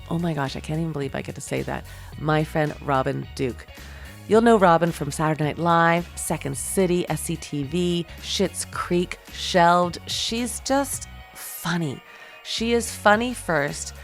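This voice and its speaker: Lower-voiced woman, effusive podcast host. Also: vocal fry. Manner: effusive, gushing, emotional. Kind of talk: podcast intro and interview.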